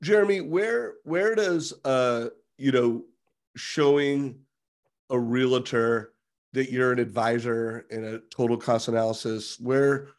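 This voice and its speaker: A man's voice: medium pitch, takes it slowly. A man hosting an interview, enthusiastically recapping his guest's points and asking questions. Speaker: host. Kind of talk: interview talk.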